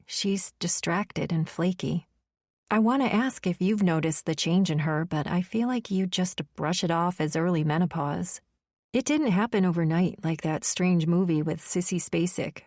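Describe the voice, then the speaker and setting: Woman audiobook narrator, lower voice, dry close sound, steady delivery. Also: dry recording.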